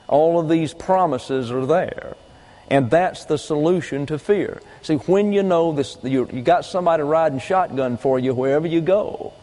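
A man with a fairly high voice preaches a doctrinal sermon in an emphatic, repetitive teaching style. He drives points home with folksy trail talk. The sound rings with a long reverb from a large church hall. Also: warm tone. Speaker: pastor.

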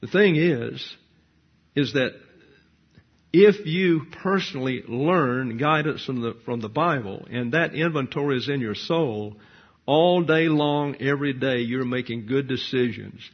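A male preacher with a slightly husky voice works through scripture verse by verse. He poses rhetorical questions, then answers them in a didactic, matter-of-fact way, with the odd dry aside. The recording is dull and a bit lo-fi. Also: mid-range voice, measured pace. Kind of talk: verse-by-verse sermon.

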